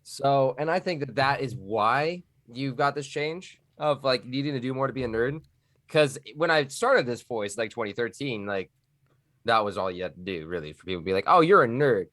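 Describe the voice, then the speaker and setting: A man's voice: medium pitch, normal speed, no echo. Man from Texas, casual podcast guest, sometimes puts on a drawl or a nerd voice; dry, close sound. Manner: slips between a relaxed Texan drawl and a nerdy put-on voice; loose, joking, rambling.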